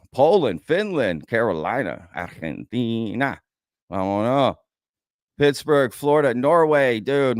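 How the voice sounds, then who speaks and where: A man's voice: mid-range voice, clear, resonant tone, dry recording, clean studio sound. A man with an American accent hosting a casual livestream, chatting loosely and reading out viewers' comments. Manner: chatty, reads out viewer comments, says "y'all". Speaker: livestream host.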